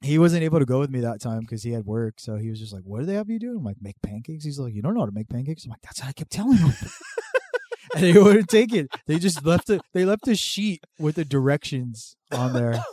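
A man's voice: mid-range voice, a little fast. A man telling a story in casual chat, swearing freely and acting out what others said. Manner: profane, animated storytelling. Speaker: podcast guest telling a story.

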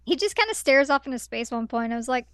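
A woman's voice: sits high, lively intonation, fast, fairly bright tone, clear, resonant tone, no echo. A woman co-hosting a podcast, chatting in a wry, playful way. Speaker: podcast co-host. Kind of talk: casual chat.

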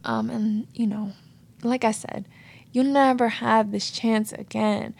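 Female podcast host, casual and heartfelt storyteller, voice rough with fry and a bit breathy. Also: a little high, steady tone, takes it slowly, darkish tone. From United States. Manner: casual, earnest, storytelling with many "like" and "you know". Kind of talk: reflective solo podcast talk. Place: New York City.

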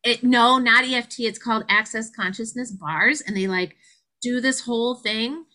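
A middle-aged woman with a bright, forceful voice tells her story as an interview guest. She is animated, acting out quotes with sudden high leaps in her voice. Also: moderate pace, low-quality recording. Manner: animated, acts out quotes with big pitch jumps. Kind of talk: conversational storytelling.

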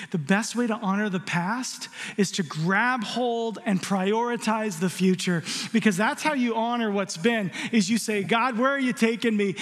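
A middle-aged pastor delivers a sermon in a strikingly high voice, telling stories with humor and firing off rhetorical questions. His words ring out with a long reverb from a church hall. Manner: animated storyteller, jokes and rhetorical questions.

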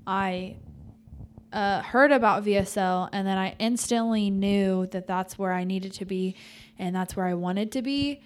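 A woman's voice: mid-range voice, unhurried. A young woman co-hosting a podcast, talking casually and openly about her faith with lots of fillers and a self-deprecating streak. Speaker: podcast co-host.

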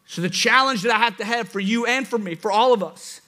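A man with a New Orleans accent preaching an impassioned sermon that swings from near-shouts to soft tones. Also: very high-pitched, fairly quick.

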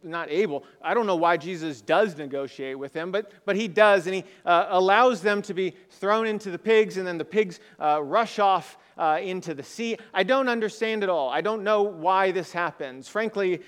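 Man, pastor, sermon, slightly high voice, rhetorical questions, long hall reverb. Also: normal speed, few pauses, fairly bright tone, clean tone. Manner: conversational, asks the congregation rhetorical questions.

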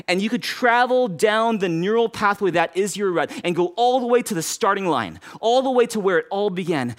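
High-voiced man preaching. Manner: repeats key phrases for emphasis, addresses congregation directly. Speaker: pastor. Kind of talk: sermon.

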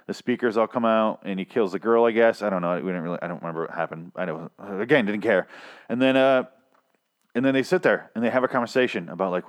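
A man's voice: fairly low pitch, quick pace. Profane, sarcastic man ranting casually. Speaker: podcast host reviewing TV.

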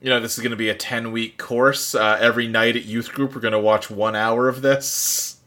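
A man's voice: medium pitch, level tone, normal speed, pushed and bright. A man co-hosting a casual podcast, offering wry, sarcastic commentary. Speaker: podcast co-host. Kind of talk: casual chat.

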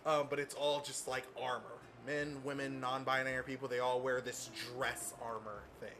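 A man's voice: mid-range voice, little pitch movement, normal speed, sharp tone, slight background noise. A man narrating as game master in a tabletop game, describing scenes casually with many fillers.

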